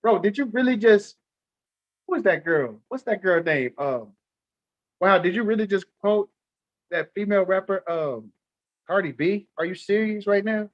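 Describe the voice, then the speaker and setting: Playful male streamer, higher voice, muffled dry home-mic sound. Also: lively intonation, moderate pace, pauses often, dry recording. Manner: playful teasing, laughs often, talks back to the chat. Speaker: livestream host. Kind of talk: casual livestream chat.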